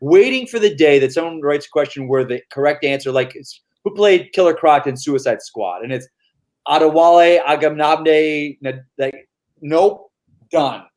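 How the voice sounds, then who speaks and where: Wisecracking man with a lively voice. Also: on the high side, a little fast, few pauses. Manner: wisecracking, playful. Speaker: podcast guest. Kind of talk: casual chat.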